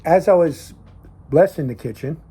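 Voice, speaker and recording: A man's voice: fairly high pitch, moderate pace, mellow, breathy edge. A middle-aged man hosting a casual talk show, rambling through a story with many fillers and restarts. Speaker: host. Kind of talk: casual chat. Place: garage.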